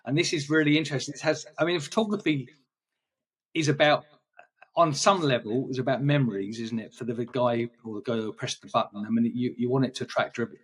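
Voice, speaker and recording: A man's voice: medium pitch, quick pace, breathy edge, far from the mic. A man chatting in an interview about his photography, rambling and hesitant, with many restarts. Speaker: guest photographer. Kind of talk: casual interview chat.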